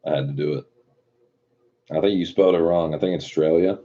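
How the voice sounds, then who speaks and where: A man's voice: a bass voice, fairly even intonation, brisk, dark tone. A man reading out viewer chat and chatting casually, with a laid-back, profane manner and frequent laughs. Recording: muffled lo-fi recording.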